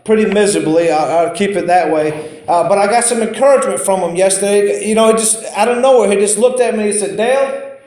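Male preacher, higher voice, folksy storytelling sermon, heavy room echo. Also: fast talker, darkish tone. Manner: conversational, storytelling, repeats himself. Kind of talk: informal sermon. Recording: very echoey room.

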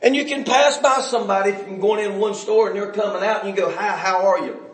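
A man preaching a sermon in a church, folksy and chuckling, climbing into shouts. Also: sits high, quick pace. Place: church sanctuary. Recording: echoey room.

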